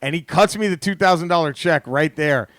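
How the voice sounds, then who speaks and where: Bright-voiced comedian telling a story. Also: male voice, on the high side, a little fast, dry recording, studio quality. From Texas. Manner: animated, swearing, laughing through stories. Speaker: comedian podcast host. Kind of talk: casual storytelling chat.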